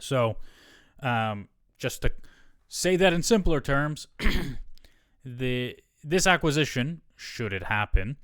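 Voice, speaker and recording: A man's voice: mid-range voice, animated, takes it slowly, fairly bright tone, no echo, studio quality. A man hosting a solo podcast, chatting casually as he reads an article aloud, often stopping to correct himself. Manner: rambling, self-correcting, reading an article aloud.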